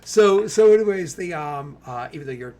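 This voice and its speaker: A man running a tabletop game in a casual, animated way, laughing often and using many fillers. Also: fairly high pitch, normal speed. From New England. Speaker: game master.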